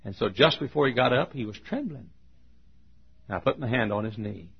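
Folksy male preacher, gravelly and husky, joking sermon, dull lo-fi recording. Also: mid-range voice, expressive, a little fast. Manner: folksy, humorous, self-mocking storytelling.

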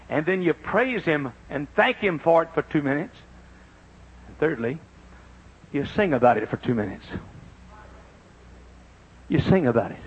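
An older man preaching a sermon, dropping to a low confiding tone and rising to high shouted praise. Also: slightly rough, muffled recording.

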